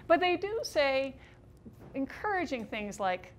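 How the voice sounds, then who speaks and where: A woman in her fifties performing an autobiographical one-woman stage show, telling her story in a wry, expressive way with dry humor. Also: high-pitched, normal speed, a little hiss or hum.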